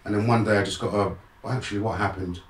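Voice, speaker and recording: This is a fast-talking man with a lowish voice, captured reverberantly on a distant mic. He's a middle-aged guest and motivational speaker giving candid personal storytelling, frank and streetwise, animated whenever he re-enacts moments.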